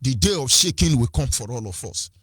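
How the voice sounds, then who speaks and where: Nigerian man, husky voice, fiery political speech, rhetorical repeats, dry close sound. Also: mid-range voice, animated, a little fast, fairly bright tone, no room sound. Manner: fiery, rhetorical, repeats phrases, switches into Igbo and Pidgin. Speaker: activist speaker. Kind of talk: impassioned political address.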